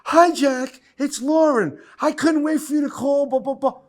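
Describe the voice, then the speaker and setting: Guy doing a squeaky eager young gal, high falsetto, way up top. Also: normal speed. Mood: gushing. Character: gushing young woman, eager, then wailing.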